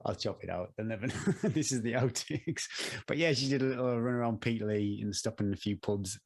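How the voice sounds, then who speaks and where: Man, podcast co-host, jokey chat, ordinary pitch. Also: brisk, a little mellow. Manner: jokey, laughs at his own jokes. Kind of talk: casual chat.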